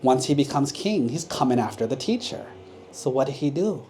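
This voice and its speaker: A monk gently tells a children's story in a mellow, soft voice. He keeps checking in with the kids, and his pitch sits in a middling range. Faint room ambience sits behind him in the temple hall. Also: animated, normal speed, a little hiss or hum. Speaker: Buddhist monk.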